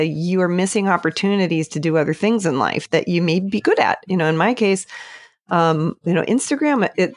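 A woman's voice: fairly low pitch, no echo. Thoughtful woman with a dry close sound. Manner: thoughtful, hesitant with many fillers and restarts. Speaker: podcast guest, landscape photographer. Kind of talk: casual interview chat.

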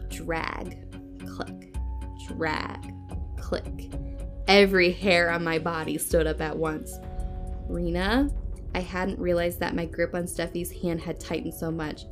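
A woman podcast host reading a spooky story aloud in a hushed, suspenseful way. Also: lowish voice, flat delivery, normal speed, hardly any pauses, faint music behind.

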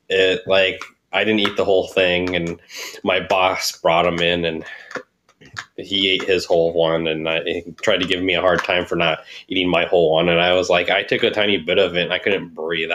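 A man's voice: low-pitched, little pitch movement, normal speed, a bit bright, slight background noise. A man co-hosting a casual podcast, rambling through a story with constant filler words. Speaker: podcast co-host. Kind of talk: casual chat.

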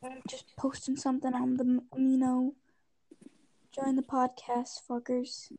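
Slow, high-voiced young woman chatting. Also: completely flat delivery, warm tone, dry recording. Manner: rambling, distracted, swears casually. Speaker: podcast co-host. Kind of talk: casual chat.

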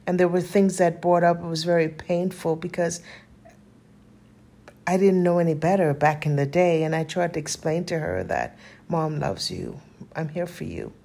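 A woman in her fifties vlogging in a casual, heartfelt way, earnest and spiritual, rambling with frequent pauses and fillers. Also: fairly low pitch, creaky, mellow. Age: 50s. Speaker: lifestyle vlogger.

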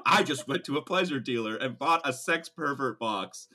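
A man's voice: mid-range voice, expressive, moderate pace, bright, forceful tone. A man co-hosting a podcast, chatting casually and joking about a movie with frequent laughter. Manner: jokey, giggly, riffs in silly voices. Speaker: podcast co-host. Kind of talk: casual comedic movie chat.

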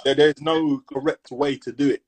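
Husky-voiced guy chatting on a podcast, laid back, stop-start, lots of slang. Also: fairly high pitch, steady tone, moderate pace, a little mellow, rough recording. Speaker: podcast co-host. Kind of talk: casual chat.

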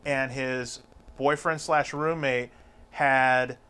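A man's voice: medium pitch, takes it slowly, clear, resonant tone. A man telling a long story in a casual chat, rambling and swearing freely as he goes. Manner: profane, rambling, animated storyteller.

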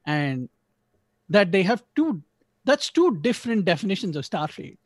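Male podcast host, slightly higher voice, dry close sound, rambling casual review. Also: sing-song, normal speed, no echo. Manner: rambling, self-correcting, joking asides. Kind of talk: casual episode review chat.

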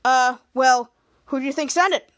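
A woman's voice: high-pitched, moderate pace, a bit bright, clean tone. A woman reading a skeptical teen sidekick. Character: teenage boy sidekick, skeptical.

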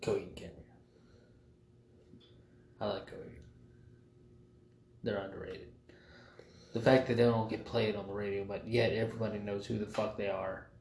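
A man's voice: lowish voice, little pitch movement, normal speed, vocal fry, long pauses, darkish tone. A man co-hosting a podcast in casual banter, blunt and profane, telling stories. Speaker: podcast co-host. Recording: echoey room with faint noise.

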